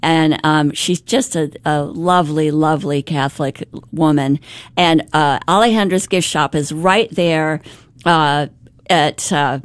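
Low-voiced chatty woman on radio. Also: a little slow, no echo. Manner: chatty, enthusiastic, many fillers. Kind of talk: casual live radio talk. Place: radio studio. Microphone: studio microphone.

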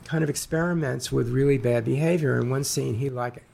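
Halting, gravelly-voiced man. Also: medium pitch, a little mellow, slight background noise. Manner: halting, many fillers and restarts. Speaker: author guest. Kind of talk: interview conversation.

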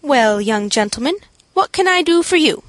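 A woman's voice: high voice, expressive, normal speed, a bit bright, no echo, low-quality recording. A woman reading the part of a tall, thin, businesslike landlady who asks polite, matter-of-fact questions.

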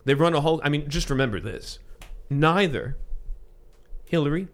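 Guy hosting a podcast, kinda high voice, rambles and restarts a lot. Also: expressive, normal speed. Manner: rambling, with frequent restarts and asides. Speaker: podcast host. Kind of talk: casual chat.

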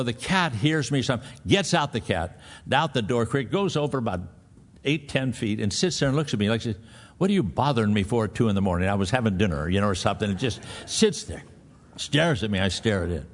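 A male pastor with a medium-pitched voice preaches a sermon, first telling a folksy personal story. He then presses his point home with emphatic exhortation.

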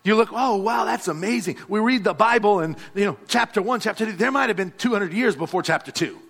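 A man's voice: sits high, lively intonation, fast talker, fairly bright tone. A male pastor, preaching a sermon and calling out to the congregation. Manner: exhorting, calls out to the congregation.

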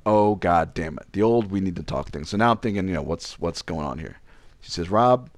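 A young man casually tells a personal story on a podcast, animatedly acting out the lines of the people in it with pitch jumps. He talks fairly quickly, and there is no room sound.

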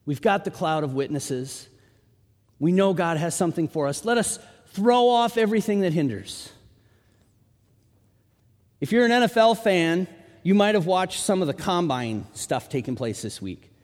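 Man, pastor, high voice, animated sermon storytelling, long hall reverb. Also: normal speed. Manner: animated storytelling, rising to shouts in quotes.

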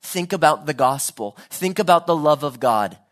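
A man's voice: on the high side, expressive, normal speed. A man preaching a sermon, earnest and building to fervent pleading.

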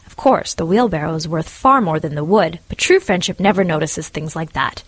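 A woman narrating a storybook in a calm, measured and plain way. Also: low-pitched, husky, no echo, low-quality recording.

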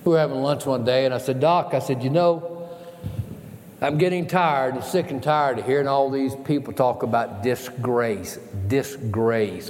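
A man's voice: mid-range voice, moderate pace, darkish tone, faint music behind. A man preaching an emotional sermon as a guest preacher, repeating words in a rising and falling emphatic cadence. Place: church sanctuary. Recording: long church reverb, faint ambience.

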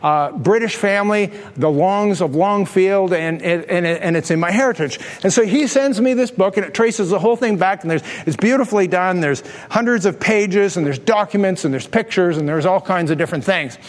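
A man preaching as pastor, telling a humorous story with animated delivery. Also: sits high, moderate pace, hardly any pauses, big-room sound. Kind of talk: storytelling sermon.

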